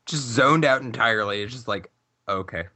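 A man's voice: medium pitch, expressive, unhurried, sharp tone, no echo. A man on a podcast in casual chat, chiming in with short, offhand remarks.

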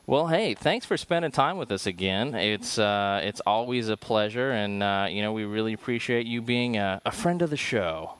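A man hosting a podcast, chatting casually and getting excited. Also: on the low side, moderate pace, hardly any pauses, smooth, dry recording. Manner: excitable, enthusiastic. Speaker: podcast host. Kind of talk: casual chat.

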